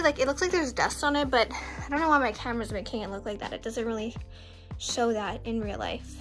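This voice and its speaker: Chatty high-voiced young woman. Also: a bit bright. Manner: chatty, rambling, peppered with "like". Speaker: vlogger. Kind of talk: casual home makeover vlog. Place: bedroom at home.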